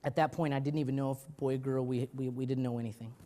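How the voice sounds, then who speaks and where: Man, pastor, sermon, loud bursts then soft stretches, repeats his words, mid-pitched voice. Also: fast. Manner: animated storytelling, swinging from loud urgency to quiet; repeats and restarts words often.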